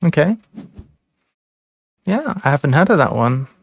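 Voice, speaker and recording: A man's voice: on the high side, very animated, a little slow, gravelly, breathy edge, no echo, clean studio sound. A man hosting a live board game stream, chatting casually and thinking aloud over his moves. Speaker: streamer host. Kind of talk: casual chat during an online board game.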